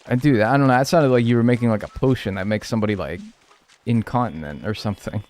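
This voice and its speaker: A man's voice: medium pitch, quick pace, darkish tone. A man streaming live, chatting casually and joking as he reads and answers his chat.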